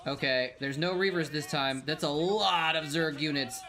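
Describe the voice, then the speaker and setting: This man's fairly high voice is bright and forceful at a moderate pace. Streaming a watch party of old pro games, he chats with his viewers, reads their comments aloud, and rambles through casual commentary.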